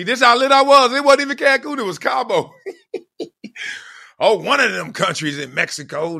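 A lively, bright-toned male host, telling a comedic story with a high, swooping voice. He laughs often and slips into quoted voices as he goes. He sounds middle-aged. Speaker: podcast host.

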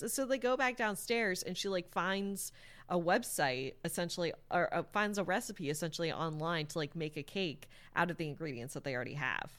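A woman's voice: lowish voice, brisk, fairly bright tone. A woman casually retelling a story's plot to a friend, rambling with many fillers and the odd swear word. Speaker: storyteller recapping a book. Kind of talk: casual chat.

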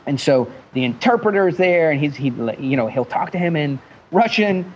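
An animated man telling a story as a podcast guest, joking and cursing freely. His voice sits on the high side and jumps around with mimicked accents. The audio is dull and lo-fi, with faint noise beneath. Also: moderate pace.

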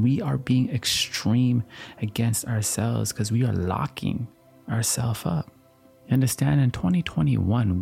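A man's voice: mid-range voice, creaky, dark tone, slightly rough. A man giving an earnest motivational talk, often checking in with "you understand?", with faint music behind him. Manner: earnest, repetitive, slow-paced, asks "you understand?".

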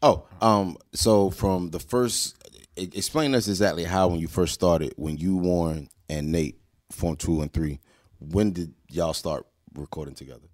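A man interviewing a guest, asking casual questions with some halting restarts. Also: low-pitched, a little mellow.

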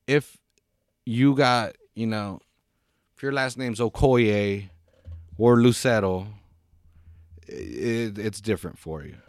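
A man's voice: mid-range voice, dry recording, clean studio sound. A Mexican American man talking frankly and casually, with lots of swearing and stumbling restarts. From United States. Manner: frank, profane, many restarts and repeated words. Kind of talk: casual opinion talk.

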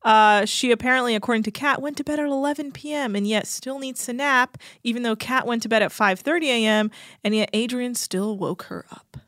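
A woman's voice: a little high, fairly quick, fairly bright tone, no room sound, studio quality. A young adult woman co-hosting a podcast, recapping a reality show in a chatty, sarcastic way with lots of fillers. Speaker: podcast co-host.

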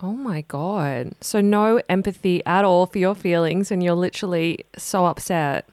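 A woman's voice: lowish voice, moderate pace, darkish tone, no echo, studio quality. A woman hosting a casual interview, asking questions and reacting with shocked exclamations. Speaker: host.

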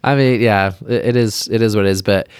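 A man's voice: fairly low pitch, fairly even intonation, a little fast, darkish tone, clean tone, no echo. A man who is a plastic surgeon, chatting casually as a podcast guest, talking in loose rambling sentences full of fillers and openly emotional. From Utah, US.

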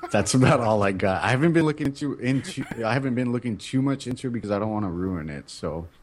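A man on a fan panel talking in a halting way, restarting sentences often. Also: mid-range voice, lively intonation, slight background noise. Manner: halting, full of restarts and fillers. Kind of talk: casual panel chat.

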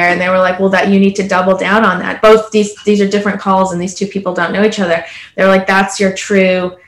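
A woman's voice: medium pitch, level tone, a little fast, roomy sound, a little hiss or hum. A woman from Canada in her thirties, a panelist telling her story in an earnest, conversational way with many "like" and "you know" fillers. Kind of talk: casual panel discussion.

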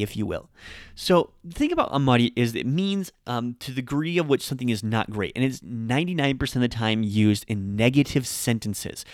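A man hosting a casual podcast lesson on Japanese grammar, chatty and upbeat, slowing down to say example sentences with care. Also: medium pitch, no echo, studio quality. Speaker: podcast host and Japanese teacher.

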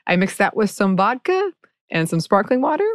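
A woman's voice: medium pitch, very animated, moderate pace, dry recording, clean studio sound. A woman hosting a podcast in casual chat, laughing and adding lots of affirming murmurs. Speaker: podcast host.

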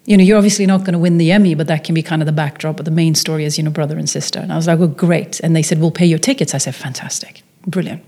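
Woman from norway telling her story, acts out the quotes, dark mellow tone. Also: low voice, steady tone, racing, few pauses. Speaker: filmmaker guest. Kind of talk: storytelling in an interview.

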